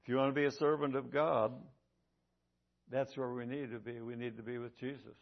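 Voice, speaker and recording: A man's voice: medium pitch, flat delivery, fairly quick, vocal fry. A man preaching a sermon with emphasis, often repeating his key lines for weight. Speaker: pastor. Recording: dull lo-fi recording.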